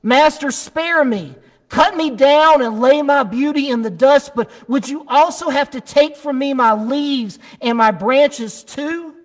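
A preacher voicing a noble male bamboo plant in a told story, pleading slowly and tremulously, recorded in a church. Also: high voice, fairly even intonation, a little mellow, big-room sound.

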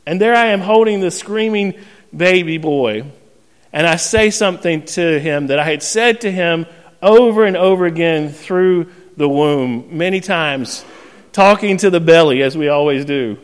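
A man in his thirties preaching in a church, his voice a touch higher than most men's. He tells the story with animation and gentle self-mockery, acting out scenes as he goes. His voice rings with the long reverb of a large hall. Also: unhurried, clean tone. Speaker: pastor. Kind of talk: storytelling sermon.

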